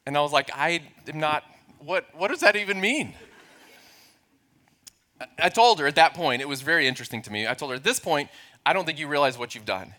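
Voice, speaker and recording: A man in his forties preaches a sermon with humorous, self-deprecating storytelling. His voice sits a little high and rings bright and forceful. He acts out the others in his story as he goes. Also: lively intonation, fairly quick, long pauses. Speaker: pastor.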